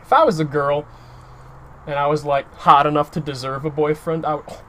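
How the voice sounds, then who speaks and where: A young man giving a casual, opinionated TV review, animated and full of fillers like "like.". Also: a little high, fairly quick, slight background noise.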